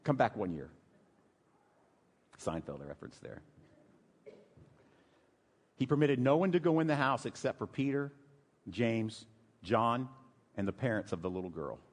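Animated pastor preaching in a big reverberant hall. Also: male voice, mid-range voice, normal speed, pauses often. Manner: animated storytelling, drops to hushed emotional tones. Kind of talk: sermon.

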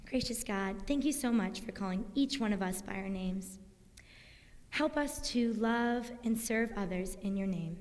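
A young woman giving a lively children's sermon in a church sanctuary, speaking with enthusiasm to kids. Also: mid-range voice, normal speed. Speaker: student speaker leading children's moment. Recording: long church reverb.

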